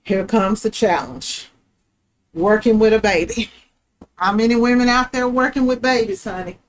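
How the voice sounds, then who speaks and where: A woman's voice: fairly high pitch, moderate pace, low-quality recording. Lady host doing a live print demo, folksy and chatty, middle-aged, little bit of background hiss. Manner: chatty, folksy, talks straight to viewers as y'all. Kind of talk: casual live craft demonstration.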